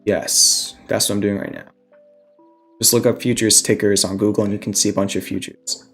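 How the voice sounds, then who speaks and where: A man's voice: fairly low pitch, flat delivery, moderate pace, vocal fry, a bit bright, soft background music. A young man hosting a casual stock trading livestream, a little out of breath, talking through trade ideas and answering chat questions.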